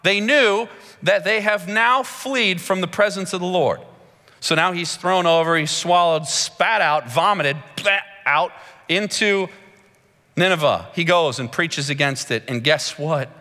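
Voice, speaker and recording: A man preaching a sermon in a large church hall, with a dramatic, slow and emphatic delivery that climbs high when he gets excited. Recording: long hall reverb.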